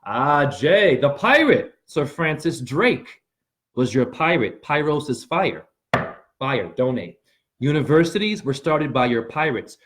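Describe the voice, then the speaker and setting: A man hosting a rambling motivational monologue, talking straight to his viewers and breaking into sudden yelps and shouts. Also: a little high, very animated, a little slow, background noise. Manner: addresses viewers directly with frequent "right?". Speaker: spiritual video host.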